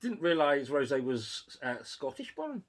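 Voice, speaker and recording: A man co-hosting a casual review chat, talking quickly with asides and frequent laughter. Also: fairly high pitch, sing-song. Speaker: podcast co-host.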